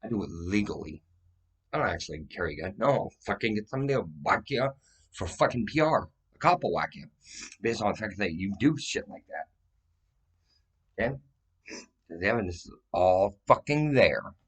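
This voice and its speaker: A man's voice: lowish voice, big pitch swings, normal speed, pauses often, a bit bright, breathy edge. A man talking straight to the camera in a rambling vlog monologue, swearing heavily and breaking into agitated outbursts.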